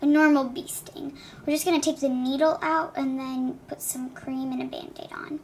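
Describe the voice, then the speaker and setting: A woman voicing a gentle, cheerful school nurse doll who reassures a hurt child. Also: high-pitched, steady tone, normal speed, a little hiss or hum. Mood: reassuring. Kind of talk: doll play narration.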